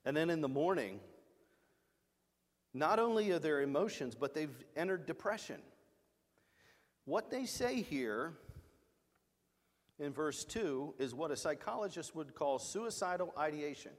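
A man's voice: on the high side, sing-song, unhurried, pauses often, big-room sound. A middle-aged male pastor preaching a sermon, in an emphatic, storytelling way.

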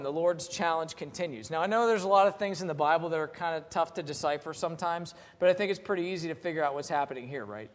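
A man preaching a sermon in a plain-spoken, conversational way, reading scripture aloud slowly. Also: a little high, long reverb tail.

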